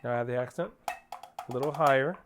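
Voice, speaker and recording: Counting off beats and singing rhythms as he teaches, a man gives an instructional percussion lesson over loud drumming. He has a mid-range voice and talks a little fast.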